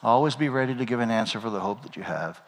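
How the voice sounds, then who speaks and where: A man's voice: medium pitch, expressive, quick pace. A man preaching a sermon as pastor, in a conversational style, often checking in with "right?". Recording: long hall reverb.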